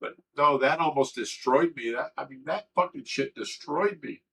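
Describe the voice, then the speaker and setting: A man's voice: on the high side, normal speed, fairly bright tone, husky, poor audio. A livestream host talking candidly and emotionally, rambling and swearing as he tells a personal story. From Ohio.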